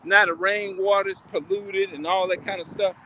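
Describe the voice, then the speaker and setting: A man with a high, bright voice holds forth on a live stream. He rambles, repeats himself and keeps turning questions back on his listeners, with faint street noise in the background. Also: fairly even intonation, normal speed. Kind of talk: casual live-stream talk. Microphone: phone or webcam on a live stream.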